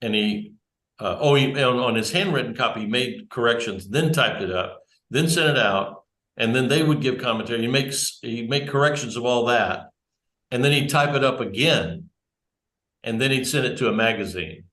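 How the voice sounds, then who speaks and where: A man's voice: mid-range voice, moderate pace, fairly bright tone. A man giving a conversational church talk, rambling and correcting himself as he goes. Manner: rambling, digressive, self-correcting. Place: church room with small audience. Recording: roomy echo.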